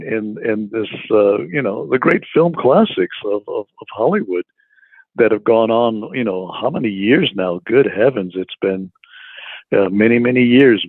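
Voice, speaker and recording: A man in his eighties, a guest in an interview, speaking slowly and haltingly, repeating words and filling pauses. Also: on the low side, no room sound. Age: 80s. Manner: slow, halting, repeats words with many fillers. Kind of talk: casual interview. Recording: phone-like remote call audio.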